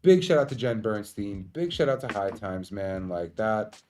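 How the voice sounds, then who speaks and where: A man's voice: fairly low pitch, normal speed, a little mellow, slight background noise. Candid New man telling a story. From New York. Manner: candid, swearing, emotional retelling. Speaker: company founder. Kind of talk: storytelling monologue.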